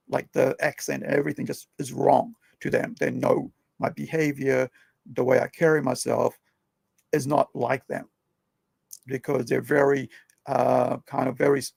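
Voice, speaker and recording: A man's voice: mid-range voice, vocal fry, a little mellow, husky, no room sound. A young man hosting a podcast, telling stories in a rambling, conversational way and often tagging his sentences with questions. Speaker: podcast host. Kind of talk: casual storytelling chat.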